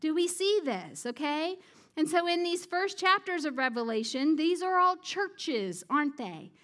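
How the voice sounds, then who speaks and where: A woman's voice: high-pitched, animated, measured pace, a bit bright. A woman preaching a sermon in a conversational way, often asking her listeners questions and laughing at her own jokes. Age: adult parent. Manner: conversational, asks the audience questions.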